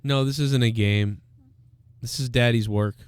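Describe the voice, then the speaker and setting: A man hosting a live question-and-answer stream, talking casually in a middle-pitched voice. He rambles and thinks aloud, leaning constantly on fillers. The recording is dry and close, with no room sound. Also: fairly even intonation, unhurried, clean tone, no echo. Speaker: livestream show host.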